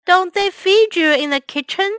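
A woman voicing a jolly old male walrus king with a hearty, booming laugh. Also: normal speed, fairly bright tone, no room sound.

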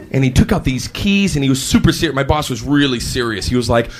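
A man doing a stand-up comedy routine, animated and acting out scenes with silly voices in front of a live audience. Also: medium pitch. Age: 19 then, now adult. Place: stage before a live audience. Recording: live club with loud crowd laughter and noise.

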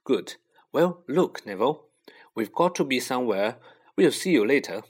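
A man voicing a brave young schoolboy who speaks sharply and in a hush. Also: medium pitch, sing-song, moderate pace, slightly rough. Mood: hurried. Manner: sharp, hushed.

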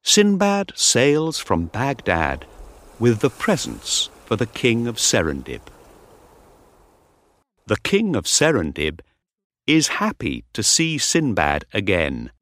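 A man narrating a storybook slowly and clearly, paced for learners. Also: mid-range voice, huge pitch swings, a bit bright, slight background noise. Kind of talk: storybook reading.

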